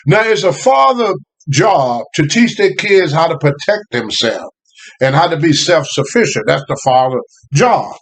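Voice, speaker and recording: Older man, casual storytelling, lively pitch, laughing, slightly high voice. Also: normal speed. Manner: animated, laughing, Southern US phrasing. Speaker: guest storyteller.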